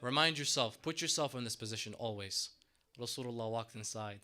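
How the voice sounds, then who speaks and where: A man's voice: mid-range voice, steady tone, fairly quick, pushed and bright. A man preaching a sermon in a mosque, telling a story dramatically and acting out the characters' voices.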